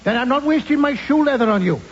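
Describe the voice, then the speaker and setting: A man's voice: very high-pitched, animated, quick pace, dull audio, a little hiss or hum. An actor playing a cheeky, grumbling odd-job man with a Welsh accent in a comedy radio drama.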